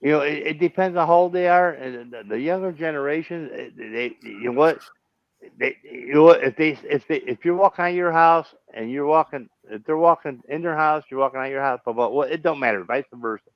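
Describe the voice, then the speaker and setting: A man's voice: on the high side, brisk, no echo. An American man who has been drinking, arguing bluntly and profanely in a casual heated chat, often talking over the other speaker. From United States. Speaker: stream host. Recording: dull dry lo-fi sound.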